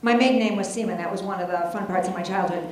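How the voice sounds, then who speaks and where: A middle-aged woman performs a humorous personal story for an audience, rambling chattily through asides and jokes at her own expense. Her mid-range voice moves fast over heavy background noise in a very echoey hall.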